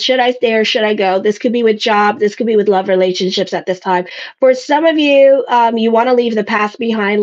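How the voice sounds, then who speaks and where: A woman's voice: fairly high pitch, highs cut off. A middle-aged woman astrologer giving a casual, rambling monthly horoscope reading, chatty and playful, sometimes slipping into little character voices.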